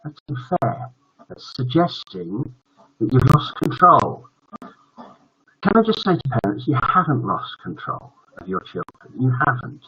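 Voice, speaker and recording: A man's voice: mid-range voice, very animated, a little slow, sharp tone, breathy edge. An older man from the north of England hosting a casual live stream, joking and greeting viewers by name. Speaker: host of a live family stream. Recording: muffled lo-fi audio.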